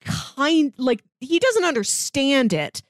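A woman co-hosting a casual book discussion podcast, relaxed and often saying "like". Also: high-pitched, slow pace, dry recording, studio quality. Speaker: podcast co-host.

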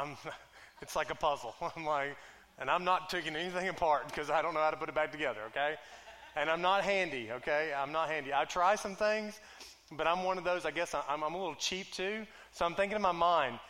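A man preaching a sermon, conversational and joking, who slows right down when reading scripture. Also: fairly high pitch, bright, forceful tone. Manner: conversational and joking, drags out scripture lines slowly. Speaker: pastor.

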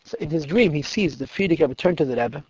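A man telling a Hasidic story to listeners in an animated, emphatic way, repeating words for stress. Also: on the high side, fast talker, slightly rough, no room sound. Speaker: religious storyteller. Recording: dull lo-fi, dry recording.

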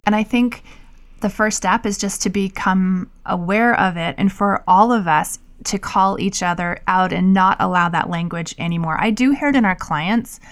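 A woman's voice: mid-range voice, normal speed. A woman co-hosting a podcast, talking in a casual, thoughtful way that often trails off and restarts. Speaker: podcast co-host. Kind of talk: casual conversational podcast chat.

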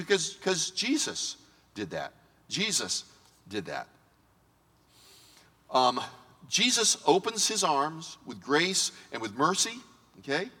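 A male pastor preaching a sermon to his congregation, lively and joking, talking straight to the people in front of him. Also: on the high side. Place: church sanctuary. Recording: long reverb of a big church hall.

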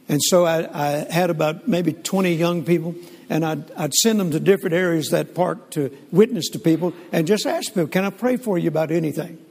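An older man, telling stories in a folksy, animated sermon with frequent restarts. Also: on the high side, creaky. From Southern United States. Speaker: preacher. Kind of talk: sermon storytelling. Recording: long hall reverb.

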